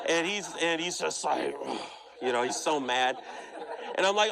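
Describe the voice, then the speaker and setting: A man's voice: medium pitch, moderate pace, a bit bright, rough recording. A man preaching, telling a story in a conversational, emphatic way and often saying "okay" and "you know.". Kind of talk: sermon storytelling.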